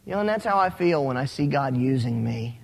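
A man preaching a sermon as a pastor, telling stories with animated, rising emphasis. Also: mid-range voice, fairly quick, creaky. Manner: animated storytelling, rising when excited. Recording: long hall reverb.

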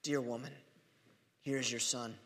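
A man voicing a hushed, solemn dying man on a cross. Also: mid-range voice, fairly even intonation, unhurried, long reverb tail.

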